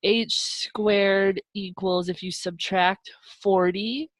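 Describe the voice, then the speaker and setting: Over a video call mic, this young woman teacher runs a live online math class, staying upbeat and encouraging and chatting with her students on the side. She speaks slowly in a mid-range voice with fairly even intonation, and the recording is dry.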